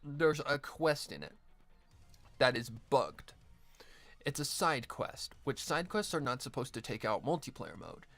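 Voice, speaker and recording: A man's voice: mid-range voice, big pitch swings, unhurried, vocal fry, a bit bright, no room sound. Rambling man chatting on a live stream. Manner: rambling, self-correcting, swears casually. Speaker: streamer editing an audio drama. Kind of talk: casual live-stream chat.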